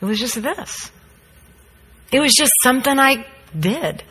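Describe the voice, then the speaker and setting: A woman's voice: sits high, unhurried, a little hiss or hum. A woman, a mother, telling a story in a sermon and acting out quotes. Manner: animated storyteller, acts out quotes. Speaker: speaker, mother. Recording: long hall reverb.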